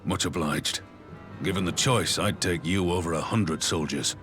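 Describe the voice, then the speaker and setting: A gruff, steady older war commander speaks in a very low, weighty register. His phrasing is old-fashioned and deliberate, and he sounds like a leader used to being obeyed. Game music sits softly behind him. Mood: resolute.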